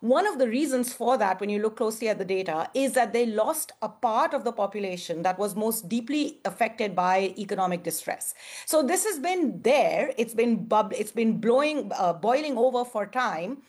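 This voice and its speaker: A woman from India, a panel guest, speaking in a measured, analytical way with frequent fillers. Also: a little high, animated, darkish tone, breathy edge. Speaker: guest commentator. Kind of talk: panel discussion.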